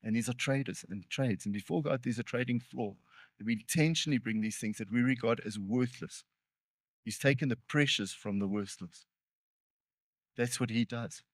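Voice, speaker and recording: A male pastor preaching in a relaxed, talk-to-the-congregation way, leaning into earnest points and then undercutting himself with a wry joke. His voice sits at an ordinary middle pitch for a man. The sound is dry and close, with little room echo. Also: normal speed, pauses often. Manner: conversational, with joking self-deprecating asides. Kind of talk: sermon.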